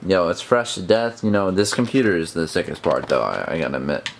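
A man's voice: deep voice, a little fast, vocal fry, a little hiss or hum. A teenage boy chatting with a friend in a bedroom, laid-back and full of slang. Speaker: friend and fellow YouTuber. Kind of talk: casual chat.

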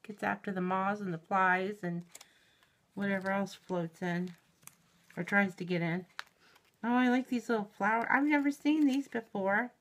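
A middle-aged woman opening a mail package in a home vlog, gushing and giggling, shaky with excitement. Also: mid-range voice, moderate pace. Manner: gushing and giggly, exclaims often. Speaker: YouTube reviewer. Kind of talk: unboxing vlog.

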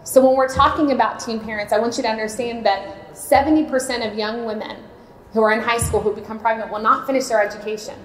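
Quick-paced and steady in tone, her voice on the high side, a Florida woman in her late thirties delivers a heartfelt personal testimony. She directs a maternity home and speaks candidly at a church seminar, heard in an echoey hall with a little hiss or hum.

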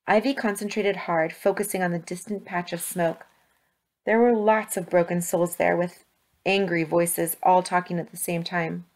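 Low-voiced woman reading a story aloud. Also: steady tone, moderate pace. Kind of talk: read-aloud storybook narration.

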